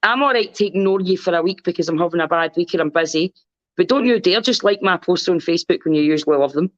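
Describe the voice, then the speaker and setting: A woman's voice: fairly low pitch, fast, dry recording. A Scottish woman speaking as a podcast guest in casual chat, rambling and candid and swearing freely. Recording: dull lo-fi recording.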